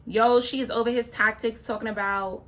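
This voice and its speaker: A woman's voice: a little high, steady tone, normal speed, a bit bright. A young adult woman hosting a reality-show reaction video, giving opinionated casual commentary straight to her viewers. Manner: opinionated, talks straight to viewers, frequent "okay?" asides.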